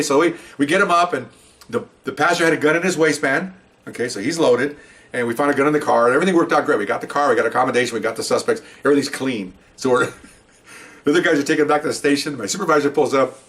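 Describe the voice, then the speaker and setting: A man, a retired police officer, telling a story from his years on the job in a casual, animated way, playing the voices of the people in it. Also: fairly high pitch, far from the mic. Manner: animated, acts out voices in the story, chuckles often.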